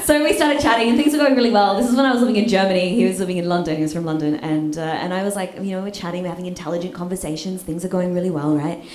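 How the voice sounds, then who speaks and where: A young Australian woman telling a comic story on stage, animated and swearing, often asking the crowd "right?". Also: on the low side, very fast, few pauses. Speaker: stand-up comedian. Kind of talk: live stand-up storytelling. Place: live comedy stage with audience. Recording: echoey live room with noise.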